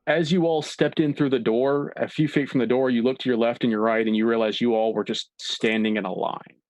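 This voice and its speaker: A man narrating as dungeon master in a tabletop game, with relaxed, descriptive storytelling and filler words. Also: mid-range voice, fairly quick, no echo.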